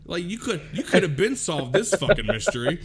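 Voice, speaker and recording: A man hosting a casual talk show, telling a story in a profane, animated way. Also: sits high, brisk, over a noisy crowd.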